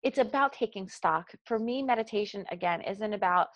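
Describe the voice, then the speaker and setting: A woman's voice: mid-range voice, normal speed, no room sound, muffled recording. A woman in her forties with a South Jersey accent, a meditation guide talking earnestly in a podcast interview. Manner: earnest and animated, talks through examples.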